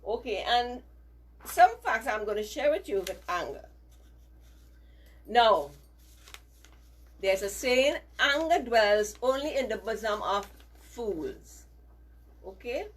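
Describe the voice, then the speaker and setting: A woman teacher giving a slow, emphatic values lesson to children, often checking in with them and having them repeat phrases after her. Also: fairly high pitch, animated, husky. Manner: frequent checking "right?".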